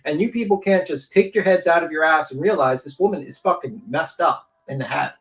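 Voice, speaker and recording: A man with a fairly high-pitched voice rants bluntly through livestream commentary. His opinions come out heated and laced with profanity. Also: fairly quick, a bit bright, rough recording.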